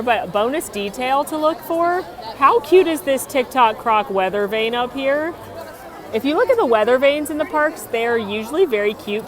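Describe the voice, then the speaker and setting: A young woman hosting a chatty, upbeat theme park tour vlog outdoors, full of trivia. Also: fairly high pitch. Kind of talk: casual walking tour vlog.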